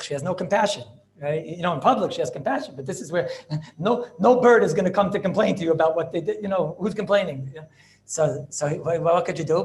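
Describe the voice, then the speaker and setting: A man with telling a Torah story as a rabbi, acting out the characters in an animated way. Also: a little hiss or hum. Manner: animated, acts out characters with shifting pitch.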